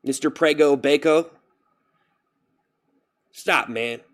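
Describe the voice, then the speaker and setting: A man chatting on his live stream, rambling and animated, breaking off to thank viewers for donations. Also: on the high side, slow. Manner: rambling, animated, jumps to loud self-scolding; reads out and thanks chat donations. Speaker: livestreamer. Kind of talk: casual stream chat.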